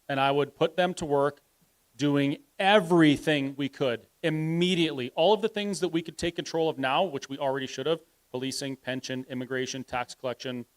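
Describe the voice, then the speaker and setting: A man with a fairly high voice speaks at a live public panel. He argues his case forcefully, and at times stalls mid-sentence while groping for the right word. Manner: forceful, argumentative, trails off hunting for words. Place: live event hall.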